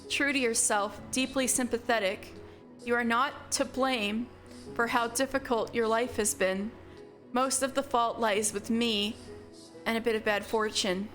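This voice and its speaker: A woman voicing a gentle, self-sacrificing young man in a soft, measured, tender voice. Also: a little high.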